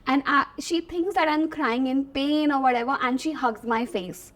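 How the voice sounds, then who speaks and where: A young woman with an Indian English accent, telling her story as an interview guest, animated and laughing often, slipping between Hindi and English. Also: high-pitched, moderate pace.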